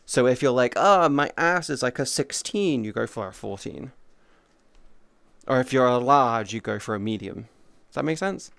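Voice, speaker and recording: A young man chats casually on a livestream, jumping from thought to thought and swearing now and then. His voice is smooth and resonant and sits at an ordinary pitch for a man. The sound is close and dry, with no room echo. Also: moderate pace. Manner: animated, rambling and playful, with swearing. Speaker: VTuber streamer. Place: indoors at home.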